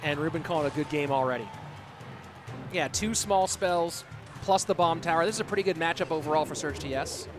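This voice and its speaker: A man with a slightly high voice calls a live esports match, chatty and excitable. He jumps between the plays and shout-outs to chat. Music plays clearly underneath him. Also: a little fast. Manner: chatty, excitable, thanks viewers by name. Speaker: esports caster and streamer. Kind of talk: live game commentary mixed with chat reading. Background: background music.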